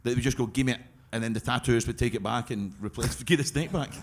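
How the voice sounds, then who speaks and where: This Glasgow man, a Scottish guest storyteller at a live podcast show, talks fast in a mid-range voice. He swears freely, laughs through his own tales and keeps stumbling into fresh starts, with a little hiss or hum on the recording.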